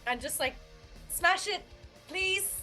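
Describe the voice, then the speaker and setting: A woman's voice: very high voice, slow pace, faint music behind. A woman playing a tabletop game, chatting casually, often laughing and apologizing. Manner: giggly, apologetic, animated. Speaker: player.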